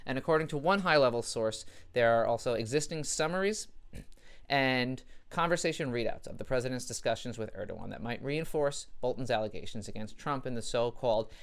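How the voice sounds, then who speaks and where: Smooth-voiced man doing dry satirical news. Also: mid-range voice, animated, a little fast. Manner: dry, sarcastic joke delivery. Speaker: comedy show host.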